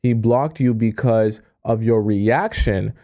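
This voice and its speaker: A man hosts a dating-advice live stream in a mellow, warm voice. He talks in quick, animated bursts, reads viewer questions aloud and answers them with sarcastic asides. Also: lowish voice. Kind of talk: casual live stream chat.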